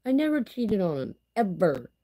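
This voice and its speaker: A woman's voice: mid-range voice, big pitch swings, normal speed, mellow, poor audio. A woman talking candidly in a casual personal vlog, rambling and filling her speech with "you know" and "like.". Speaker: vlogger.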